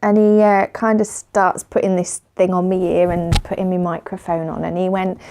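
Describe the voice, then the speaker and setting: A woman's voice: fairly low pitch, little pitch movement, normal speed, background noise. A woman chatting casually in a vlog, telling a story with lots of laughs and fillers. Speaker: vlogger.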